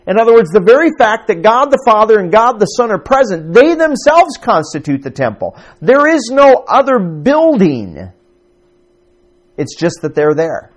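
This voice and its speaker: A man's voice: high-pitched, sing-song, brisk, hardly any pauses. A man preaching a conversational sermon to his congregation, asking them questions as he teaches. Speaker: pastor.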